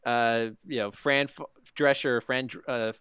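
Smooth-voiced man hosting a casual TV recap. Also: mid-range voice, fairly even intonation, measured pace, fairly bright tone, no echo, clean studio sound. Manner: conversational, often seeks agreement with "right?". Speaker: podcast host recapping a TV show. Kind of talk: casual review chat.

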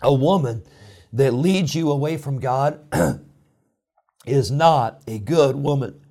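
A man preaching a sermon, emphatic and building to loud exhortation, with a tickle in his throat. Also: mid-range voice, lively intonation, takes it slowly. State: throat-clearing, coughing. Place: indoor room.

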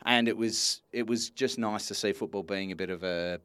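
A man's voice: lowish voice, moderate pace, fairly bright tone, clean tone, no echo. A man, co-hosting a casual sports podcast, talking in a blunt, chatty way and swearing freely. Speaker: podcast co-host.

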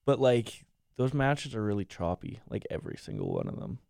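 A man co-hosting a podcast in casual chat, excitable, laughing easily and swearing freely. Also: on the low side, a little fast, gravelly, no echo, studio quality. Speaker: podcast co-host.

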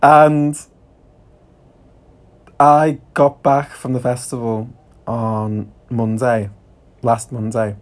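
A man's voice: medium pitch, level tone, very slow, long pauses. A man with a Scouse accent telling a story on his podcast in a chatty way, laughing often and swearing casually. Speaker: podcast host.

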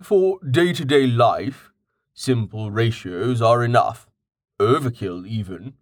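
Dude doing a calm know-it-all guide type, patient, slow, dry sound. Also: male voice, mid-range voice, no room sound. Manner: patient, explanatory, matter-of-fact. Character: patient man, well-read, calmly explaining.

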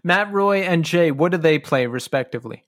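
Eager fan host, higher voice, dry sound. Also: male voice, expressive, moderate pace, a bit bright, no echo. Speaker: podcast host. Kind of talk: casual podcast interview.

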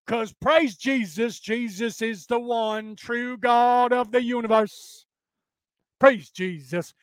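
A man imitating a fervent evangelical preacher with a booming, drawn-out delivery. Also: clean tone, no echo, studio quality.

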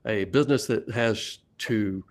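A middle-aged man with a Southern US accent tells sales stories in a relaxed interview. He laughs often and restarts his sentences as he talks. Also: lowish voice, unhurried. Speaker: sales leadership coach and guest. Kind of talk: casual storytelling interview.

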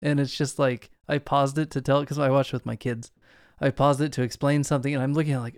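A man's voice: medium pitch, level tone, fast, darkish tone, smooth, no echo, studio quality. A man hosting a casual movie-review podcast, talking eagerly and at length. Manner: eager, talkative, explains at length. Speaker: podcast host.

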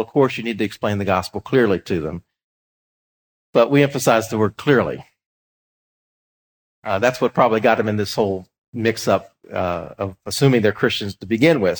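A middle-aged man, a pastor, giving an earnest, conversational teaching talk on evangelism, with fillers and restarts. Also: medium pitch.

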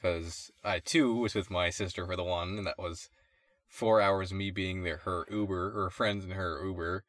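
Young man, podcast co-host, bright low voice, dry close sound, swears, laughs while ranting. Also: fairly even intonation, moderate pace, no room sound. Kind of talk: casual chat.

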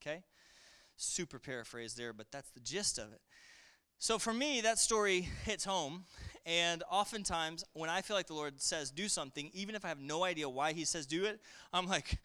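Energetic, bright-voiced male pastor preaching. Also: fairly high pitch, moderate pace, clean tone. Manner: energetic, conversational preaching with call-outs to the congregation. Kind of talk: sermon.

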